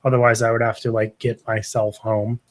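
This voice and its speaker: In a casual podcast conversation, a male guest recounts a story in a mid-range voice at a fairly quick pace. His telling is lively and full of swearing, and he performs the lines of the people he quotes.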